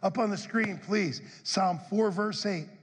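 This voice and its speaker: A middle-aged man preaching a sermon as pastor, reading scripture aloud and often building to excited shouts. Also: sits high, measured pace. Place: church sanctuary. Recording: long hall reverb.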